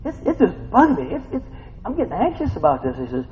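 Male preacher, slightly high voice, swings widely in pitch, chatty storytelling sermon; long hall reverb, muffled sound. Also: huge pitch swings, fast. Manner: conversational, storytelling, rhetorical questions.

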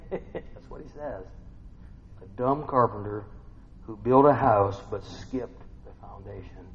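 A preacher with a fairly low voice speaks slowly through an informal sermon, talking to listeners conversationally. He asks them questions and hums and affirms to himself between points. The recording is dull and lo-fi, with long hall reverb.

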